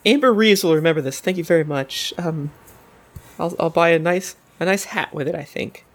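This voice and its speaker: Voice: mid-range voice, moderate pace, lightly acted. A game master voicing a nervous young female Warforged attendant who rambles and corrects herself mid-sentence. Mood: grateful. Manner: rambling, flustered, self-correcting.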